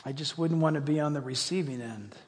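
A man pastor preaching a sermon with emphasis, swinging between loud passages and hushed ones. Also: a little high, fairly quick. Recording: long hall reverb.

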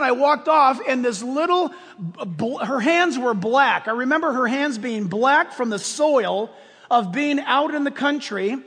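A male pastor with a strikingly high voice preaches with passion and emphasis, often pushing up into shouts. His voice rings through a church with a long, echoing reverb trail. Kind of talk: sermon. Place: church sanctuary with congregation.

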